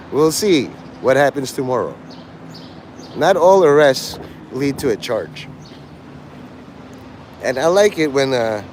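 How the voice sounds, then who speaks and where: Animated, crude rambling male livestreamer. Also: fairly high pitch, a little hiss or hum. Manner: crude, rambling, jokey, breaks into laughter. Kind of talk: rambling live-stream chat.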